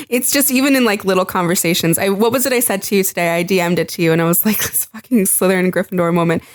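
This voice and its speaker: A woman co-hosting a casual podcast, animated and acting out what people say. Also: medium pitch, quick pace. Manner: animated, acts out quoted lines. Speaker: podcast co-host. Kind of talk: casual chat.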